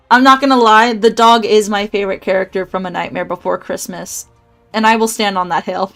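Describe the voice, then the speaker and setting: A woman's voice: mid-range voice, steady tone, a little fast, vocal fry, fairly bright tone, soft background music. A woman streaming a story game, chatting casually, swearing and laughing at her own slips.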